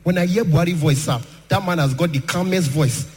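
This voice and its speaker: High-voiced Nigerian stand-up comedian. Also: male voice, brisk, darkish tone. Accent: Nigerian Pidgin English. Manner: storytelling, acting out callers. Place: live comedy stage in a hall. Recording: live hall with long reverb.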